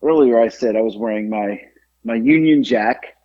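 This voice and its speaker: A man's voice: mid-range voice, normal speed. A man co-hosting a podcast, telling a story in a rambling way with many fillers and restarts. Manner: rambling, stumbling over words with many fillers. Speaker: podcast co-host. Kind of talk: casual storytelling chat. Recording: dull lo-fi podcast audio.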